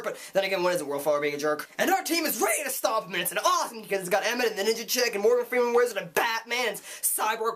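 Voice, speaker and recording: A young man reviewing a movie, excitable and gushing, with jokey asides. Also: very high voice, slight background noise. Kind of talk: enthusiastic online movie review.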